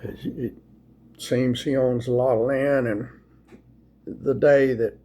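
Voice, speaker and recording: A man, sleepy and folksy, chatting casually and reading scripture aloud in a slow, rambling way. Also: medium pitch, fairly even intonation, mellow, slight background noise. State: sleepy, yawning. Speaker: video host sharing scripture. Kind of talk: casual devotional talk and Bible reading.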